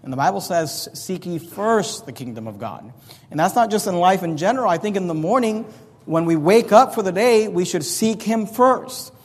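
A male pastor delivers a sermon in an earnest, plain-spoken teaching manner, often restarting his phrases. His voice sits slightly higher than most men's. The sound carries the long reverb of a large hall. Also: normal speed.

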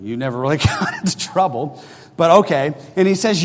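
Man, middle-aged preacher, conversational sermon, slightly high voice, long hall reverb. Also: animated, fairly quick. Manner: conversational, often checks in with "okay?". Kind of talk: sermon with personal story.

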